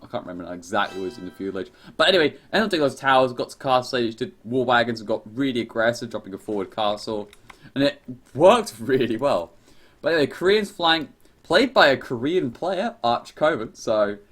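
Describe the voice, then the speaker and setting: A young man talks through a team strategy match in a loose, rambling way. He keeps correcting himself as he goes, and his voice rises and falls a lot in pitch. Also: fairly bright tone. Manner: rambling, chatty, self-correcting. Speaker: game commentator. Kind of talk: casual live game commentary.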